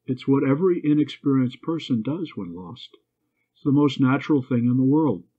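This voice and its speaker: A man with a husky voice voicing a good-humored young English gentleman in a storybook reading, on a tinny phone-like recording. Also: mid-range voice, moderate pace, close to an everyday voice. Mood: reassuring.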